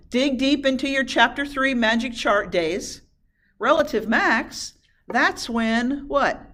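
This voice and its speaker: A woman's voice: on the high side, fairly bright tone. Woman teacher quizzing her class. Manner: asks questions to the class and answers them. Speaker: math teacher. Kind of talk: classroom lecture.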